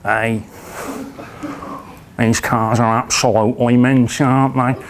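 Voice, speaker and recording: A man's voice: mid-range voice, level tone, slow, a little hiss or hum, voice pushed down, lightly acted. A man voicing a cocky young lad from Manchester with a Manchester accent and a swaggering, lazy drawl.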